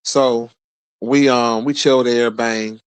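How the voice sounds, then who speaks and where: A man in his forties telling a rambling, profane story in a casual rant, his voice jumping high whenever he quotes someone. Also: takes it slowly, clean tone, no room sound. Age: 40s. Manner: profane, animated, jumps high when quoting people. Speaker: streamer host.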